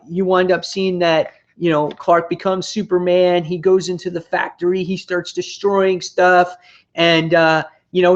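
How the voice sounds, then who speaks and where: A young man hosts a live comic review in a loose, rambling way, full of "uh" and "you know," and his pitch swings up sharply when he gets fed up. The sound is dull and lo-fi, like a cheap home mic. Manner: casual, animated, exasperated rants with many fillers. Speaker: host.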